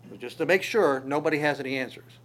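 Man playing God: coaxing, mock-patient, a touch higher and louder than plain speech. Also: fast talker, close to an everyday voice. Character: patient, gently teasing male God.

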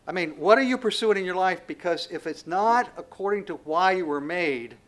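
A preacher delivering a sermon in a slightly high voice for a man. He swings between sudden loud outbursts and hushed, near-whispered lines. He keeps pressing his listeners with rhetorical questions. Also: animated, normal speed.

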